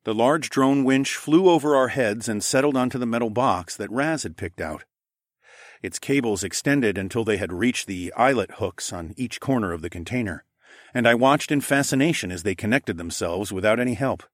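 A man narrating a first-person story in a steady, even way. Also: medium pitch, moderate pace, no room sound, clean studio sound. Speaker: audiobook narrator.

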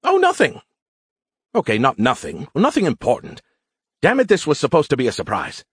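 A male narrator voicing a smug, sarcastic male AI that lives in a beer can, teasing in a high, excitable voice. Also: brisk, breathy edge, no echo, full character voice.

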